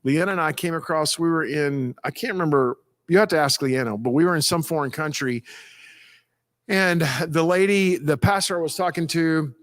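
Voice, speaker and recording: Male pastor, casual storyteller, rambling and animated, highish voice, dry recording. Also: moderate pace, no echo. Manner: animated, acts out quoted people with a raised voice; folksy, rambling with restarts.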